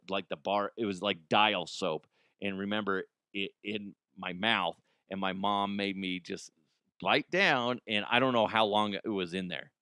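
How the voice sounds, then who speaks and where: A man's voice: fairly low pitch, sharp tone, dry recording, studio quality. A man in his forties hosting a comedy podcast, rambling in a casual, profane monologue. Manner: profane, rambling, laughs at own jokes.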